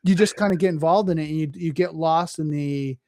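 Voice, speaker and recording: A man hosting a podcast interview, talking casually and acting out scenarios with lively quoted voices. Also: a little high, brisk, no echo, clean studio sound. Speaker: podcast host.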